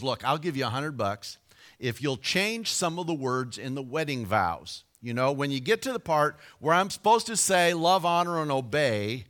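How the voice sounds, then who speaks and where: A man delivering a sermon from the pulpit, his voice sitting a little on the high side. He tells stories with sudden swells and hushed drops, then slows right down to read scripture with weight. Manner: dynamic storytelling with sudden shifts of volume and pitch; slow emphatic delivery of scripture. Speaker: preacher.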